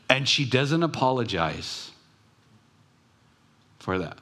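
A pastor giving a conversational sermon, telling stories with pauses and restarts. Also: male voice, on the low side, a bit bright.

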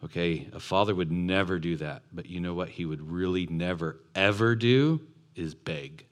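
A man's voice: deep voice, normal speed. A man preaching a sermon who acts out the voices and asks his congregation questions. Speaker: pastor.

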